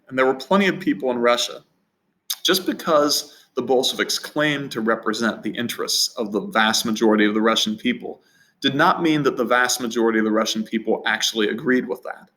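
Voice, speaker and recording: A man's voice: medium pitch, fairly bright tone, poor audio. Man giving an unscripted history lecture. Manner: unscripted, repeats words and restarts. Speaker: history teacher.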